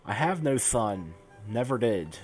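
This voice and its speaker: A man voicing a cruel middle-aged father who shouts contemptuous scolding at his son. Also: mid-range voice, sing-song, unhurried, soft background music. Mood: angry.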